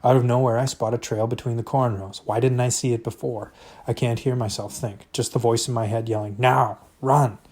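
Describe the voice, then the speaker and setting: A man's voice: mid-range voice, flat delivery, brisk, mellow. A man reading a novel aloud, narrating expressively in the first person. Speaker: reader.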